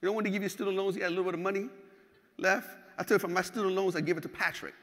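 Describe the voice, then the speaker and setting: A man giving a motivational keynote, telling stories in an animated, profane way and acting out scenes. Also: high-pitched, rapid-fire. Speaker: keynote speaker. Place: large hall. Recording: hall with long reverb.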